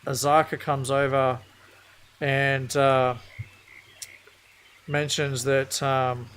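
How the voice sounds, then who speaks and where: A man running a livestreamed tabletop game as game master, who reads lore aloud and answers players' questions in a relaxed way. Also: medium pitch, very slow, slight background noise.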